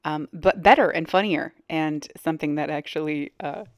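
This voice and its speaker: A woman's voice: low voice, normal speed, no echo, clean studio sound. A woman hosting a reaction video, giving blunt casual commentary with frequent hesitations. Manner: blunt, hesitant with many ums.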